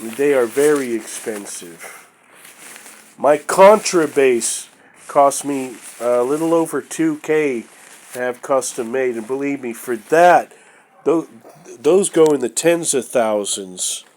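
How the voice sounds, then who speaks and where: A man with a stuffy nose talks through his collection at an unhurried, drawn-out pace, his voice sitting in a middling register. He rambles and hesitates, leaning on fillers and tossing in blunt opinions. It sounds like a casual, chatty home vlog. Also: medium pitch, lively intonation, darkish tone. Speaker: vlogger. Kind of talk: casual show-and-tell vlog.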